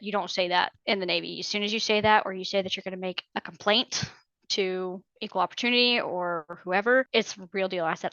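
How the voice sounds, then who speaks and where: Bright-voiced, candid woman telling her story. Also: medium pitch, dry recording, muffled recording. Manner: candid, emphatic storytelling with quoted dialogue. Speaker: podcast guest, Navy veteran. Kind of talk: personal story in an interview.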